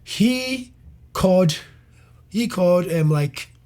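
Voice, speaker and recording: A young man, a comedian guest, telling a personal story in an interview, animated and loose, with swearing and restarts. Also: high-pitched, takes it slowly.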